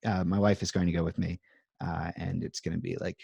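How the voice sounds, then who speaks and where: A man's voice: deep voice, flat delivery, brisk, creaky, a little mellow, slightly rough, dry recording. A man in his thirties, a guest in a casual interview, chatting from a home music room over a video call in a rambling, self-deprecating way full of fillers. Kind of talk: casual chat.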